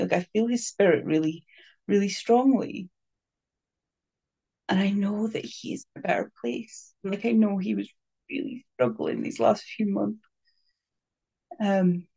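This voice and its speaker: A speaker sharing a personal story in a candid, hesitant way, with many pauses, fillers and restarts, soft and emotional. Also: medium pitch, vocal fry, muffled recording. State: crying.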